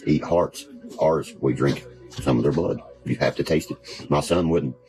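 Brief: a male streamer with a very low voice, profane and rambling, music playing behind him. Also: steady tone, measured pace, a little mellow. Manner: profane, rambling, keeps asking "you see what I mean". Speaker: livestreamer. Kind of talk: casual livestream rant. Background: background music.

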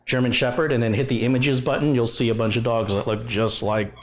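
A man's voice: mid-range voice, level tone, brisk. A middle-aged man on a casual home live stream, chatting and talking playfully to his dogs. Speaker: tech channel host. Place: home room.

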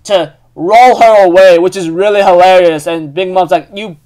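A man's voice: high voice, fairly even intonation, moderate pace, darkish tone. A man giving a casual, rambling chapter recap, full of fillers and restarts. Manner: rambling, filler-heavy, self-correcting. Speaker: anime recap host.

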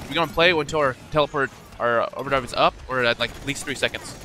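A man giving live gameplay commentary, coaching his teammates and shouting at big moments. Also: medium pitch, steady tone, brisk, hardly any pauses, slight background noise. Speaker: gaming video creator.

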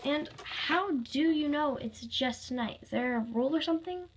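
A woman voices a frightened but loyal, stubborn young woman in a storybook, asking shaky, pleading questions. Her high-pitched voice, lightly acted and pitched above her own, comes at normal speed with slight background noise.

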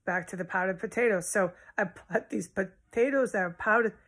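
A woman's voice: mid-range voice, moderate pace, a bit bright, slightly rough. A woman vlogging from her house in a rambling, agitated monologue, swearing often and jumping between topics. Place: at home in a house.

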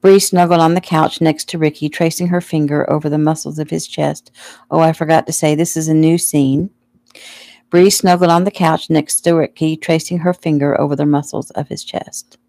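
A woman casually reading her own novel aloud at home, relaxed and unhurried. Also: low-pitched, no echo. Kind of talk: casual audiobook narration.

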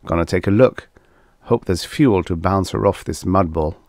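A man's voice: sits low, moderate pace, darkish tone, no room sound, clean studio sound. A man reading a science fiction audiobook, voicing a tense, weary spaceman stranded on an alien world who mutters half to himself.

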